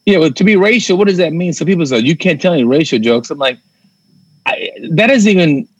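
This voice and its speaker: A comedian in casual chat, telling stories in a lively way, swearing casually and acting out quotes. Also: male voice, a little high, fast talker, breathy edge, no room sound, lo-fi sound. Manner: animated storyteller, swears casually, acts out quotes.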